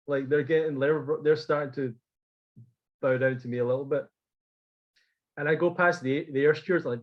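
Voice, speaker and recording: Man, casual guest, vivid storyteller who acts out quotes, slightly high voice, muffled lo-fi audio. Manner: animated, swearing, acts out quotes. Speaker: podcast guest.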